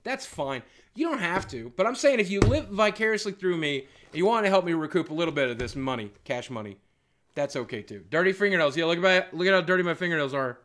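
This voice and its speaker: A middle-aged man hosts a casual live stream, joking and teasing his viewers. His voice sits high and leaps around with lively swings. He talks in bursts, sometimes loud and sometimes hushed. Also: fast talker. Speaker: livestreamer.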